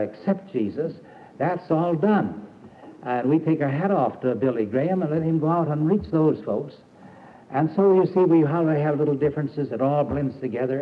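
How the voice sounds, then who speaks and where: An older man giving a folksy, emphatic sermon to a camp audience, with fillers and restarts. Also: on the high side. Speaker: preacher and camp founder. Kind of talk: old recorded sermon. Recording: tinny archival tape with faint hiss.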